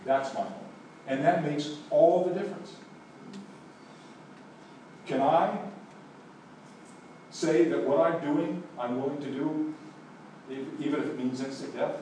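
Male pastor, storytelling sermon, warm low tone, recorded from a distance in a reverberant church. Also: a little slow, pauses often, a little hiss or hum. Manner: storytelling, swings from hushed to emphatic. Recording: echoey room, voice from a distance.

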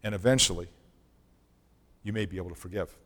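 A middle-aged male pastor preaching a sermon in a conversational way, sometimes dropping his voice very low for emphasis. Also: fairly quick, fairly bright tone. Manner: conversational preaching, drops to near-whisper for emphasis. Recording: long hall reverb.

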